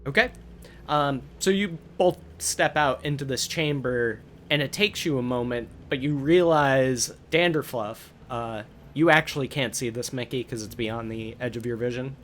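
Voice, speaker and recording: Male game master, halting filler-laden narration, faint noise floor. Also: mid-range voice, fairly bright tone. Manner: hesitant, filler-heavy narration.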